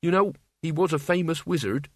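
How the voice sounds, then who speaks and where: A man's voice: a little high, brisk, no room sound, studio quality, pitched above the performer's own voice, natural voice. A man voicing an earnest, weary young man who speaks in a raised, pleading voice. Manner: pleading, tired.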